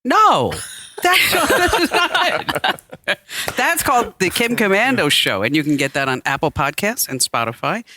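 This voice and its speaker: A woman's voice: mid-range voice, unhurried. A middle-aged woman hosting a podcast, telling stories in casual chat with frequent laughter. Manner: animated storyteller, laughs often. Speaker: podcast host.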